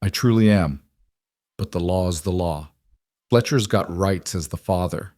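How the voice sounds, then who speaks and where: A man doing a quiet regretful sheriff. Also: low-pitched, unhurried, no room sound, clean studio sound. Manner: quiet, apologetic. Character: weary middle-aged sheriff, regretful.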